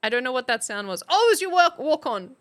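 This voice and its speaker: Live on stream, a young woman with a high voice and quick pace runs a playful pretend class. She chats casually, laughs frequently, and lets out excited exclamations.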